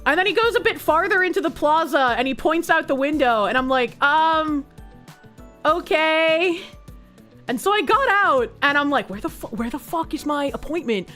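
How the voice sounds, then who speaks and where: A woman streamer chatting casually on a livestream, reading posts aloud and telling an animated story in which she acts out both sides. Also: high-pitched, brisk, few pauses, soft background music.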